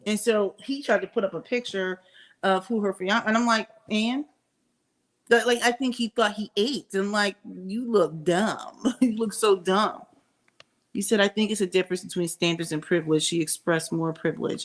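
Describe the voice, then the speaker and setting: Fairly quick and steady in tone, a middle-aged woman with a mid-range voice offers opinionated, candid commentary on her casual vlog. She thinks aloud, often restarting and wandering into asides.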